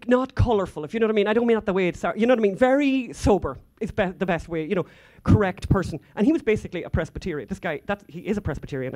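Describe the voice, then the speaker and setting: A woman's voice: medium pitch, darkish tone. Chatty Irish woman telling a story. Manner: chatty, rambling, frequent asides and fillers. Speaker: conference speaker. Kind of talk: anecdotal conference talk. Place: conference hall stage.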